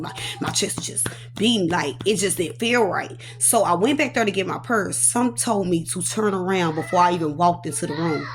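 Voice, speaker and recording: A woman giving an animated, emotional personal testimony, acting out sound effects and repeating phrases for emphasis. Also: on the low side, moderate pace, few pauses. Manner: animated, dramatic storyteller voicing sound effects and repetitions; casual, talks aside to her children. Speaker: survivor telling her own story.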